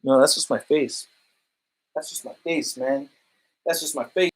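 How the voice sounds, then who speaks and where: A man's voice: a little high, normal speed, fairly bright tone, a little hiss or hum. A man hosting a casual live stream about toy collecting, rambling and joking, often laughing and repeating himself.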